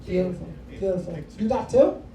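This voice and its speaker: A man's voice: high-pitched, normal speed, vocal fry, mellow. A male stand-up comedian working the crowd in a comedy club, brash and profane, teasing the audience. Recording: echoey room, distant mic, noisy.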